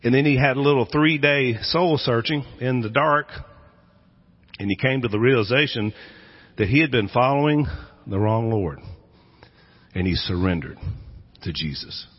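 Husky-voiced male pastor preaching in an echoey hall. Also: mid-range voice, normal speed, long pauses. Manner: dramatic storytelling, acting out quoted voices. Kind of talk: sermon. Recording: echoey hall, dull lo-fi sound.

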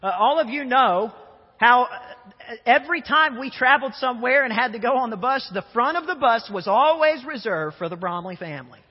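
High-voiced young preacher in an echoey hall. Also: male voice, moderate pace, breathy edge. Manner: animated storyteller who often repeats words. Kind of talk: sermon with humorous storytelling. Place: church sanctuary. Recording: echoey church hall, dull sound.

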